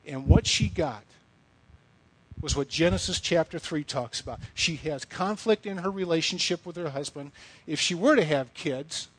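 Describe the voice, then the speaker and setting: A man's voice: a little high, slightly rough, poor audio. A middle-aged man giving a sermon, telling stories in a conversational way with blunt asides. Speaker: speaker addressing young women. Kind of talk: sermon with storytelling.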